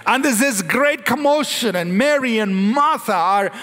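Preaching with lots of animation, a male pastor slows and lifts his pitch whenever he recites a prayer. There's a long hall reverb on the recording.

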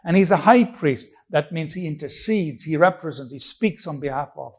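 A man's voice: on the high side, expressive, normal speed, slightly rough. A man preaching a sermon, emphatic and repetitive, with rhetorical questions and frequent restarts.

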